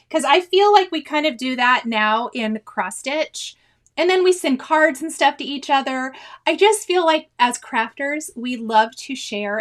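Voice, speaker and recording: A high-voiced woman in her forties talks casually through a cross-stitch livestream. She reads viewers' comments aloud, laughs often and keeps breaking into exclamations. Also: a bit bright. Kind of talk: casual chat reading live comments.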